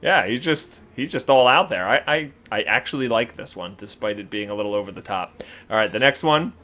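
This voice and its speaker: A man hosting a casual gaming video, reacting with animated exclamations and laughter. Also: lowish voice, brisk. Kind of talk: casual game commentary.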